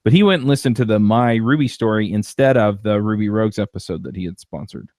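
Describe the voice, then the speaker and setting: Low-voiced man in rambling casual chat. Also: animated, fast, darkish tone, dry recording, clean studio sound. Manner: rambling, many restarts and fillers. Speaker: podcast host.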